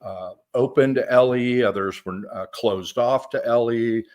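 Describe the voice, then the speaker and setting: A man appearing as a guest on a live stream, speaking casually and hesitantly with many pauses. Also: mid-range voice, darkish tone. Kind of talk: casual chat.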